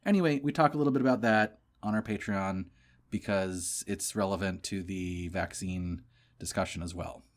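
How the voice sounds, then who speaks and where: A man's voice: low-pitched, normal speed. A young man co-hosting a casual podcast chat, wry and joking, drifting into rambling asides. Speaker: podcast co-host.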